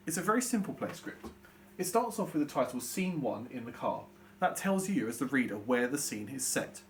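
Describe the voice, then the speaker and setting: A young British man teaching a recorded online lesson to young children, explaining step by step in a clear, patient way. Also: medium pitch, a little hiss or hum. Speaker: primary school teacher.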